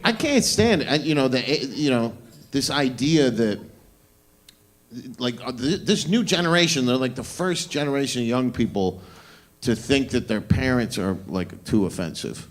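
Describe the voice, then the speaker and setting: A man's voice: mid-range voice, animated, normal speed. A man doing a stand-up comedy set on a club stage into a handheld mic, with a crude, mocking, swaggering delivery.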